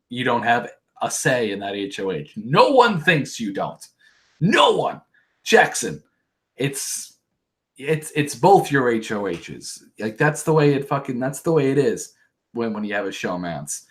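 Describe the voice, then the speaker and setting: A man hosts a podcast and casually recaps a reality show. He rambles, swears and throws in joking asides. His voice sits at a middle pitch. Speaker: podcast host.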